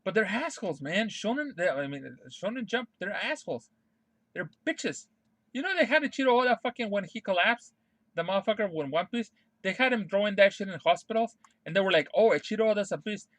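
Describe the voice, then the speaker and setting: A man with a high, bright voice rants into a close mic, swearing freely and hammering the same point again and again. The sound is dry and direct, with no room around it. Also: expressive, fairly quick, dry recording. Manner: profane, emphatic, repeats himself. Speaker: streamer. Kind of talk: casual ranting monologue.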